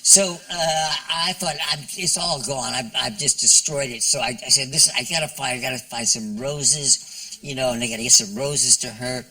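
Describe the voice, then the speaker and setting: An older man, a guest on a television chat show, telling a story in a halting way with many restarts. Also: mid-range voice, bright, forceful tone, distant mic, low-quality recording. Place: television studio with audience.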